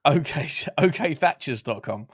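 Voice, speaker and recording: A man co-hosting a live match watchalong, reacting loudly with exasperated, sweary outbursts. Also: medium pitch, expressive, normal speed. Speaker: watchalong co-host.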